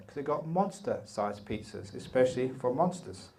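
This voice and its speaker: A man in his sixties with a British accent, a meditation teacher telling a story in a slow, playful way with humorous asides during an evening dharma talk at a retreat. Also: medium pitch, lively intonation, gravelly, warm tone, breathy edge. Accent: British English. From England. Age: 60s. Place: retreat hall.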